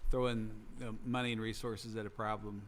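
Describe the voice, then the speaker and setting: A retired man working in ministry, sharing a personal reflection in an earnest, measured way. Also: lowish voice, level tone, a bit bright, slight background noise.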